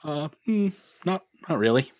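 A game master narrates a tabletop session with playful amusement. The voice is animated and lively, and the recording is close and dry. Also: mid-range voice, a little slow, dry recording.

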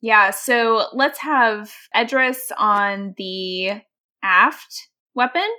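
A woman's voice: medium pitch, drawn-out words, pushed and bright. A woman playing a tabletop role-play, speaking hesitantly and a little flustered. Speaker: player. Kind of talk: casual tabletop game play.

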